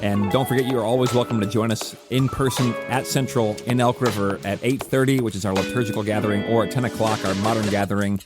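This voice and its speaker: A man's voice: on the low side, fairly even intonation, fast talker, hardly any pauses, loud music behind the voice. A man hosting a reflective podcast, telling a story casually with lots of "like" and "you know". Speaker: podcast host.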